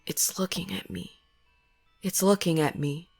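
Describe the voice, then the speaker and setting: A woman's voice: lowish voice, a little slow, vocal fry, darkish tone, breathy edge, soft background music, heavily acted. A woman voicing a terrified teenage girl who is sobbing and pleading in a panic. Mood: hysterical.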